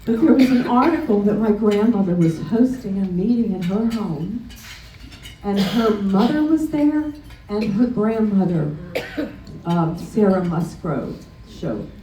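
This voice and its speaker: A woman's voice: mid-range voice, lively intonation, measured pace, mellow, a little hiss or hum. A middle-aged woman giving a personal presentation at a chapter meeting, hesitant, with frequent ums and restarts. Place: meeting room during a luncheon. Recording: roomy sound from a distant mic.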